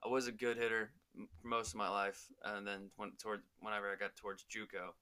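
A man's voice: fairly low pitch, flat delivery, a little fast, pushed and bright, clean tone. A young man in casual, crude chat, rambling and laughing often between stories. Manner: rambling, laughs a lot, swears.

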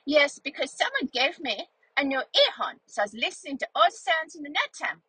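A woman's voice: sits high, big pitch swings, fairly quick, sharp tone, no room sound, voice pushed up, full character voice, poor audio. A woman doing a grumpy, sulky neighbor dog. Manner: sulky and complaining.

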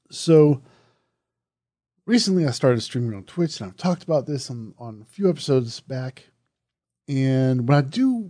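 Man, southern accent, podcast host, chatty and loose, mellow voice, dry close sound. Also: medium pitch, no echo. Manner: chatty, self-correcting, loose and conversational. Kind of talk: casual solo podcast talk.

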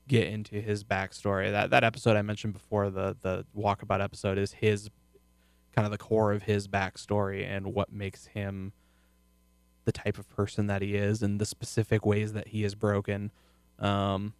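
A man chatting casually about a TV show as co-host, rambling and restarting, often trailing off quietly. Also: on the low side, completely flat delivery, moderate pace, clear, resonant tone, no room sound. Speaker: podcast co-host.

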